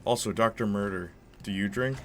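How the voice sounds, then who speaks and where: While playing, a young gaming-channel host rambles and tells stories in casual commentary, a chatty storyteller with a lowish, fairly bright voice at a moderate pace. A little hiss or hum sits in the recording.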